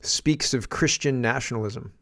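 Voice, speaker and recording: A man reading out a male politician's statement in a slow, deliberate voice. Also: mid-range voice, a bit bright, no echo, studio quality, natural voice. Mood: reading aloud.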